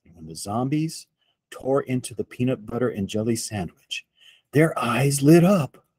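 A man reads a children's picture book aloud, unhurried and expressive. His voice has a slight husky edge, and the recording is dry and close with no room sound. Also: mid-range voice, no room sound. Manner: slow, expressive read-aloud. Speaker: storyteller for children.

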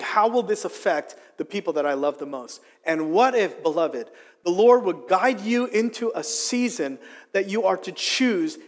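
Male pastor, high voice, earnest sermon with light humor, reverberant sanctuary. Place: church sanctuary. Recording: long reverb of a church hall.

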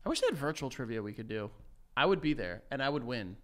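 A man's voice: medium pitch, big pitch swings, fast, a bit bright. A man in his thirties co-hosting a podcast, brash and playful, swearing often as he banters. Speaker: podcast co-host.

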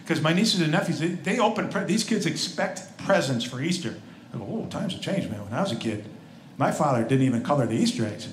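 A man's voice: fairly high pitch, lively intonation, a little fast. A man in his forties doing a conversational, self-deprecating stand-up set with quoted asides, on a live club stage. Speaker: stand-up comedian. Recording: live room with crowd laughter and noise. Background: audience laughter.

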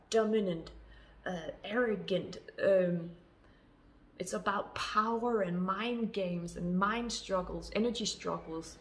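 A woman's voice: medium pitch, darkish tone. A woman speaking as a love coach, giving an earnest spoken monologue of advice to women. She talks emphatically, repeating her phrases and calling her listeners sisters.

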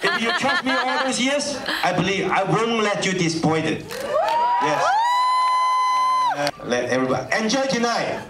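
A man giving an earnest, halting speech to a premiere audience, full of pauses and fillers. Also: high voice, sing-song, over loud music. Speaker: film director addressing the audience. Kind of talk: stage speech switching between Chinese and English. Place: cinema premiere stage. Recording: roomy, distant, with crowd noise. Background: audience murmur.

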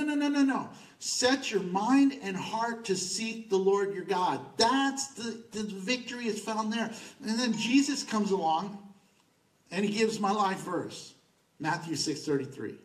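A male pastor preaching a sermon in a conversational, emphatic way, repeating words for stress. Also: sits high. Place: church sanctuary. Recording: echoey church from a distance.

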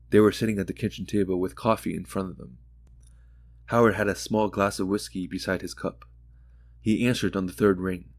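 Low-voiced, calm male audiobook narrator. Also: normal speed, no echo, studio quality.

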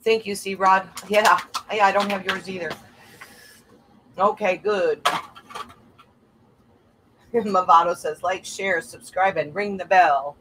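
A woman's voice: mid-range voice, steady tone, slow, pauses often, noisy background. A woman calling a live online coin auction, chatting and laughing between bids. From American South. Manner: chatty, laughs often, sings made-up bits.

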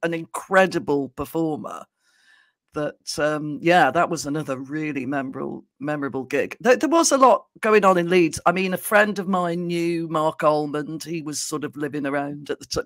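A woman's voice: deep voice, moderate pace, a bit bright, no echo. Chatty woman host, dry sound. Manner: anecdotal, laughs often, hesitant fillers. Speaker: podcast host. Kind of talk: casual chat.

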